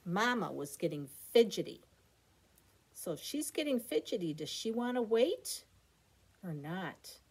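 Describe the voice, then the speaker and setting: A middle-aged woman reading a bedtime story aloud with expressive narration and chatty asides. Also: medium pitch, unhurried, husky.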